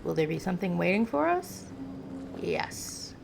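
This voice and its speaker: A woman's voice: lowish voice, sing-song, a little slow, vocal fry, background noise. An American woman giving chatty gameplay commentary, talking to the game's hero the way she talks to a pet. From United States. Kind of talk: casual game commentary.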